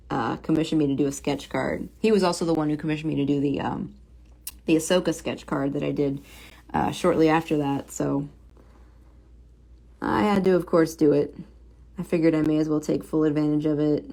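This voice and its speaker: Young woman, comic artist, casual stream chatter, lowish voice, murmurs to herself while drawing. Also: creaky. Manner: chatty, mutters softly to herself while working, reads viewer comments aloud.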